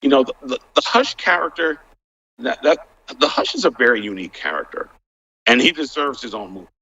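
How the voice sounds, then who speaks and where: Halting man on a dull line. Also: mid-range voice, big pitch swings, sharp tone, breathy edge. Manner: halting, full of restarts and "like". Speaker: panel guest. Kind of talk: casual panel chat. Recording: dull, lo-fi sound.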